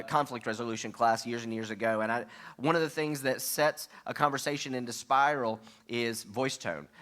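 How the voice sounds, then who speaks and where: A man's voice: mid-range voice, fairly bright tone. A man pastor delivering a sermon in a conversational way, often checking in with the congregation and acting out example quotes. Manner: acts out sample quotes in shifting voices.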